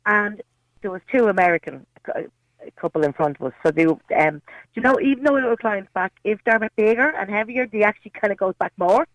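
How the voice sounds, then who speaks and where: A woman's voice: medium pitch, a little fast, no echo, low-quality recording. Chatty Irish woman caller. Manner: chatty storyteller, hesitant fillers, laughs. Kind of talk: phone-in chat.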